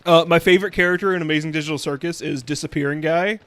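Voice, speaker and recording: A man's voice: fairly high pitch, steady tone, quick pace, fairly bright tone, smooth, dry recording. A man streaming a video game, chatting casually in a rambling way with plenty of fillers. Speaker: VTuber streamer. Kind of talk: casual let's-play commentary.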